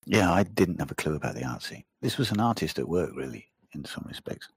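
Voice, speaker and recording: A man chatting casually, telling rambling, animated stories and swearing freely. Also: extremely low pitch, brisk, breathy edge, no echo, studio quality. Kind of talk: casual chat.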